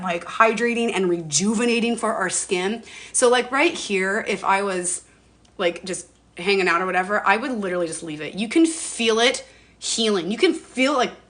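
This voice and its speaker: A woman's voice: medium pitch, normal speed, a bit bright. Bubbly chatty woman in her forties. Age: 40s. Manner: chatty, bubbly, mild cursing. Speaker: skincare livestreamer. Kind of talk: casual live-stream chat. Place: at home.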